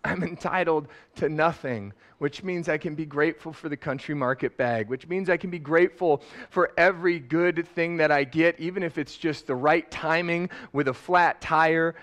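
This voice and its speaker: A middle-aged man preaching a sermon, lively and laughing, rising loud and dropping soft. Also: a little high, moderate pace, hardly any pauses. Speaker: pastor. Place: church sanctuary.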